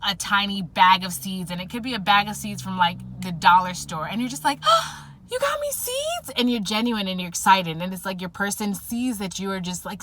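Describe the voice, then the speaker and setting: A woman doing a casual tarot reading with a bright, clear voice. She rambles, circling back with fillers and restarts as visions come to her. Her pitch sits in an ordinary middle range. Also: a little hiss or hum. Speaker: tarot reader.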